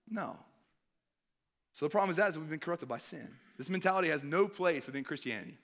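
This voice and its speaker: Fast-talking and bright, this man in his thirties has a fairly high voice with lively intonation. He's a missionary giving a chatty sermon, often turning to his listeners with a "right?" to check they're following.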